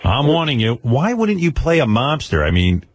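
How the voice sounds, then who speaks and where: Brief: male radio host, animated swooping delivery, teasing banter, dry studio sound, slightly husky. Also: medium pitch. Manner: teasing, animated and quick to laugh.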